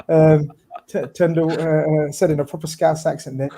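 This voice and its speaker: Male football show host, higher voice, relaxed, jokey, lots of fillers. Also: normal speed. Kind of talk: casual football chat.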